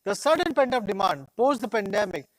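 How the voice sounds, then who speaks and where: A man's voice: sits high, sing-song, a little fast, no room sound, rough recording. A man, delivering a proud, rallying scripted keynote as a company executive at a product launch.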